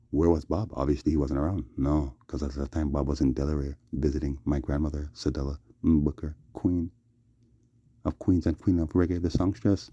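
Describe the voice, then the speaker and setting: A man's voice: extremely low pitch, mellow, no room sound, lo-fi sound. A man delivering a rambling vlog monologue, repeating "yeah" and "yes" as refrains. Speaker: vlogger.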